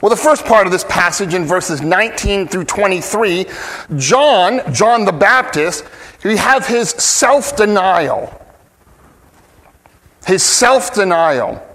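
A man with a fairly high voice preaches a sermon at an unhurried, deliberate pace. He is earnest and emphatic, often starting a phrase, breaking off and trying again. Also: lively intonation, fairly bright tone. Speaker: pastor.

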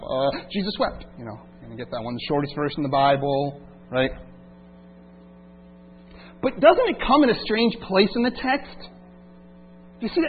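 A man preaching a sermon as pastor, swinging between loud emphatic passages and quiet reflective asides. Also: on the high side. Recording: tinny phone-like line with faint hum.

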